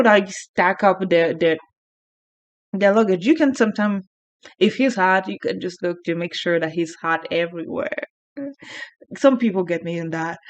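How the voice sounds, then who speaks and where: A woman vlogger chatting casually, frank, crude and rambling. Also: on the low side. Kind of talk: casual unscripted chat. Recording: muffled lo-fi sound.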